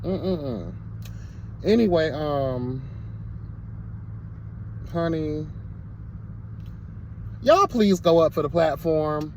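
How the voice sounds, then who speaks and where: Sassy high-voiced man ranting to camera. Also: expressive, very slow, long pauses, a little mellow, slight background noise. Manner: sassy, emphatic, repeats "girl" and "hello, God". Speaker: commentary vlogger. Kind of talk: candid to-camera rant.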